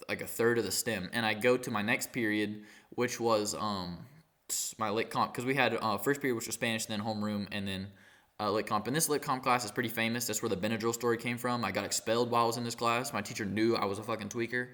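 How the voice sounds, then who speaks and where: A teenage boy rambling through a storytime vlog while high, halting and full of fillers and swearing. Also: fairly even intonation, fairly bright tone. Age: teens. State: high on cannabis. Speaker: vlogger.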